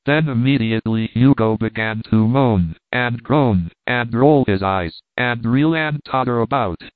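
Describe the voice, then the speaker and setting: A man narrating a classic novel in a steady, measured reading. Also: medium pitch, no room sound. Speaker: audiobook narrator. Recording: dry, phone-like narrow sound.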